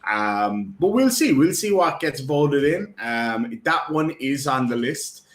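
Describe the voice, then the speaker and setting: A man from Australia chats on a live stream in a rambling, joking way, full of ums and uhs. His voice sits at a middle pitch. The sound rings in a roomy, echoing space. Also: big pitch swings, slow. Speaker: guest. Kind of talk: casual live-stream chat. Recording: roomy echo.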